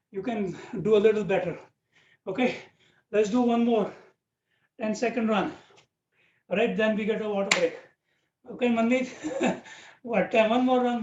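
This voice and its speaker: High-voiced man coaching a workout. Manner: encouraging, counts out reps, frequent "okay" and "right". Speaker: fitness instructor. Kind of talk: live online workout class. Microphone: video call. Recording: dull, roomy, distant video-call audio with faint hiss.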